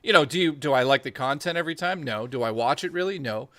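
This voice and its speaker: Man, forties, Canadian accent, bright and forceful tone, slightly raised pitch, dry close sound, excitable, swears a lot. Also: fast, no room sound. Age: 40s. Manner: excitable, profane banter with frequent restarts. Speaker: podcast co-host. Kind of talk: casual chat.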